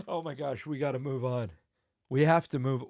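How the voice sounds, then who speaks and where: A man's voice: medium pitch, lively intonation, moderate pace, gravelly, a little mellow, dry recording, clean studio sound. A man in his thirties hosting a solo comedy podcast, telling a silly bit and cracking himself up with laughter. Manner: giggly, breaks into laughter while telling a bit. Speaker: podcast host.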